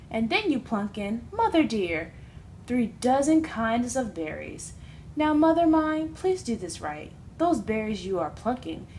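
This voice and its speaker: Smug chatty green glunk guy, a lady putting him on for a storybook, lowish and lively, rambles on sweetly. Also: slight background noise, rough recording. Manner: gabbing, rambling, sweetly pushy.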